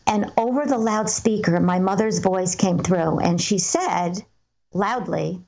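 A woman, a guest medium, answering interview questions and telling stories in a calm, earnest, measured way. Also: mid-range voice.

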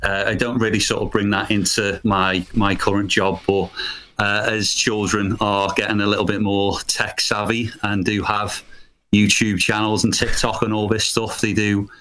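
A man's voice: on the low side, level tone, moderate pace, pushed and bright. A man who works as a primary school teacher, answering interview questions in a modest, hesitant way. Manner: modest, hesitant, laughs often.

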